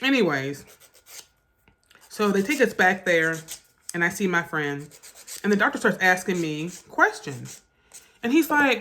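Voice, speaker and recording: Woman vlogger, bright voice, halting and emotional storytime delivery. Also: mid-range voice, lively intonation. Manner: emotional, halting retelling with restarts. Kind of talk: storytime vlog.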